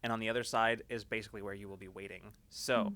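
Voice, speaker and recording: A man narrating a tabletop game as game master, loose and halting, with many fillers. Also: fairly low pitch, fairly even intonation, sharp tone.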